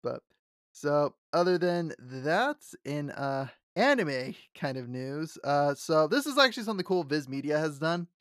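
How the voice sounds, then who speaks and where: Excitable male podcast co-host, dry sound. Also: on the high side, unhurried, no echo. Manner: excitable, laughs often, stumbles and restarts. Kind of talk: casual chat.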